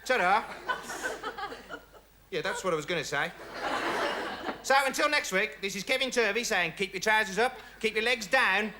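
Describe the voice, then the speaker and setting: A man's voice: sits high, normal speed, long pauses, noisy background, close to an everyday voice. An actor playing a rambling, dim young male reporter who talks to camera in a comic monologue full of pointless asides. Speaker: investigative reporter.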